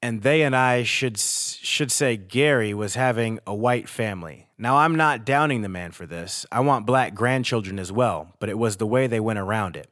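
A man in his thirties, a podcast host, reading a personal letter aloud in a steady, earnest way with pauses. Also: fairly low pitch, no echo, studio quality.

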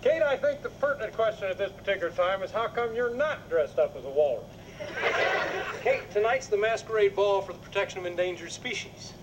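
A cheerful sitcom husband in a walrus costume who talks in playful, mock-formal phrases. His high voice bounces lively up and down. Heavy noise from an old TV recording sits under everything. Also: fairly quick, lo-fi sound. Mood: jolly. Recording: noisy old TV clip.

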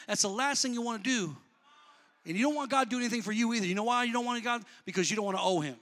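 A man preaching a sermon, talking in a plain, colloquial way to the congregation and rising to shouts before dropping back to easy talk. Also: extremely high pitch, racing. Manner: builds to shouting, then drops back to conversational.

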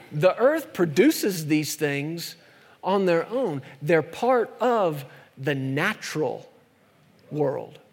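A man preaching a sermon, emphatic and full of rhetorical questions, sometimes racing, sometimes slowing right down. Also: a little high, breathy edge, long reverb tail. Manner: emphatic, rhetorical questions, shifts between fast and slow delivery.

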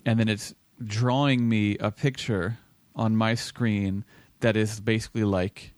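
A man's voice: lowish voice, fairly even intonation, a little slow, no echo. A man co-hosting a podcast over a video call, chatting in a playful, digressive way. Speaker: podcast co-host. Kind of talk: casual podcast chat.

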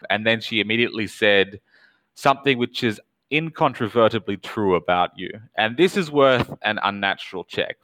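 Man, game master, tabletop narration, smooth resonant voice, dry. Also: lowish voice, fairly bright tone, no echo, rough recording.

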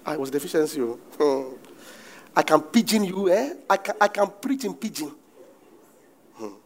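A Nigerian man in middle age delivers a sermon with a high voice. His pitch leaps and dips all over the place as he preaches. He bursts into shouts and laughter between points. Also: animated, moderate pace, a little hiss or hum. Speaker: pastor.

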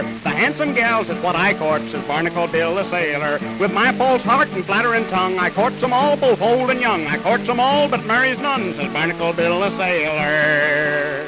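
A man singing as a rough, hard-drinking old sailor in a 1920s comic folk song, boisterous with high whoops. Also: expressive, normal speed, over loud music, poor audio. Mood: rowdy, boastful. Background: band accompaniment.

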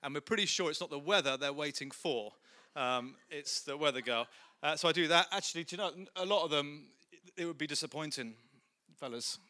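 Give me a man with a bright, slightly high voice giving a jokey church talk. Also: brisk. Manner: jokey, self-deprecating, lively asides. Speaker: guest speaker. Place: church hall with audience.

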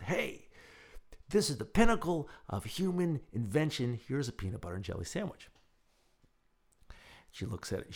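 A man hosting a podcast, casually telling a personal story and acting out the quotes in a raised voice. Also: vocal fry. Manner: animated, acts out quotes in a higher voice; rambling with restarts and fillers. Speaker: podcast host.

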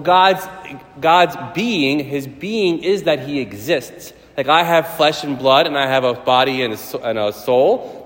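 A man's voice: medium pitch, fairly bright tone. A man, a priest, giving a casual, storytelling sermon with playful voiced asides. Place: church. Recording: church hall reverb.

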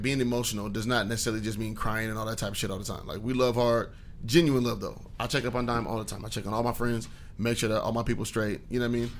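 Young man, podcast host, quick talker, bright voice, laid-back, swears a lot, faint noise. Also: medium pitch. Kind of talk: casual podcast chat.

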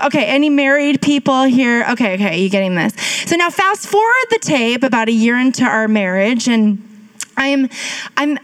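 A woman's voice: fairly high pitch, lively intonation, moderate pace, a bit bright. A woman pastor in her thirties preaching a sermon as a chatty, self-mocking story, acting out the voices she quotes.

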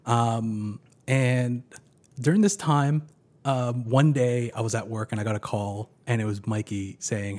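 A man's voice: mid-range voice, fairly even intonation, unhurried, darkish tone. A man in his thirties, a podcast guest, telling a story in a laid-back, dryly humorous way. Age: 30s. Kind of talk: casual storytelling.

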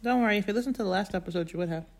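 A woman's voice: mid-range voice, rapid-fire, background noise. Wry, rambling woman co-host. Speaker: podcast co-host. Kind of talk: casual chat.

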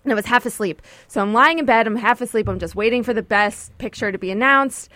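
A woman co-hosting a casual podcast chat, telling a story with lively voice-acting of the people in it. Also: on the high side, fast talker, dry recording. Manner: animated storytelling, mimics voices. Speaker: podcast co-host.

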